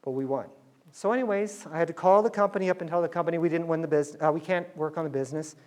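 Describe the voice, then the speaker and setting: A man's voice: on the high side, racing, darkish tone. A middle-aged man telling a business story to students, acting out the dialogue in quoted voices.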